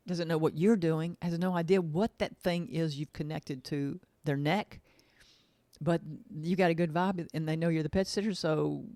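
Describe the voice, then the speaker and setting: A woman's voice: sits low, darkish tone, no echo. A woman pet sitter talking casually, folksy and chatty, often repeating herself for emphasis. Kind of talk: casual storytelling monologue.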